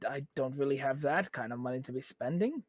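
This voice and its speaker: A man's voice: medium pitch, animated, brisk, dry recording. A man narrating a tabletop game as game master, hesitant and full of fillers while he voices guards and townsfolk. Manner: hesitant, with many fillers and restarts.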